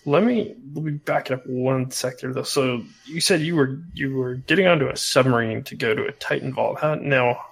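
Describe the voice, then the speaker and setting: A man's voice: medium pitch, normal speed, gravelly, hardly any pauses. A man hosting a casual gaming chat, laid-back, asking follow-up questions.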